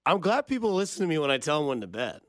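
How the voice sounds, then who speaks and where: A man hosting a sports call-in radio show, reacting to callers in a dry, low-key, deadpan way. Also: racing, no echo. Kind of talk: casual call-in radio chat.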